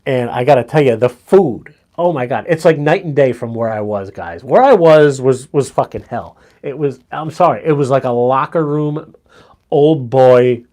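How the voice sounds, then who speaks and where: A middle-aged man chatting casually on a live stream, telling animated stories, swearing freely and chuckling as he goes. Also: mid-range voice, normal speed.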